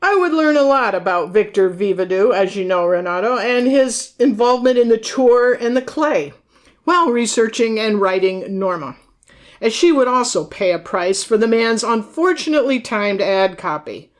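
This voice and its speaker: A woman co-hosting a podcast, reading aloud from her own book and old news clippings in a measured way, naming and quoting her sources. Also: fairly high pitch, lively intonation. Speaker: podcast co-host and author. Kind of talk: reading aloud from research notes.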